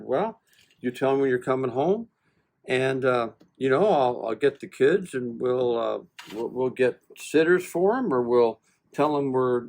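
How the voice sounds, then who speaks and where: A man in his seventies, a veteran guest, telling a long personal story in a casual interview and acting out both sides of the conversation with self-deprecating humor. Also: mid-range voice. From United States. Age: 70s. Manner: animated, folksy, acts out both sides of conversations.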